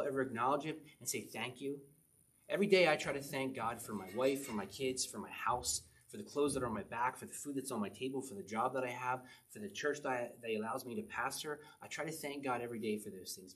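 Speaking at a typical male pitch, this middle-aged man gives a chatty, conversational sermon. He treats his congregation like a group of friends and keeps pausing for little "okay?" asides.

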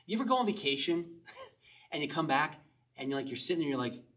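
Chatty pastor preaching, slightly distant mic. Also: male voice, a little high, big pitch swings, a little fast, fairly bright tone, a little hiss or hum. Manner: conversational, asks the listeners questions, chuckles often. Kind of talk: casual sermon, reading and explaining a psalm.

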